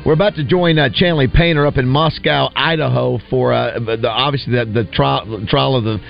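A man's voice: mid-range voice, fairly even intonation, moderate pace, creaky, soft background music. A man hosting a morning radio show in a casual, chatty way, often stalling with fillers and restarts. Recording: dull lo-fi broadcast sound.

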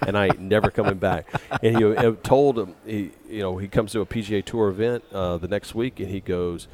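Man, very low voice, casual storytelling, rambling anecdotes, podcast guest. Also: steady tone, a little fast, hardly any pauses, darkish tone. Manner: rambling anecdotes with acted quotes.

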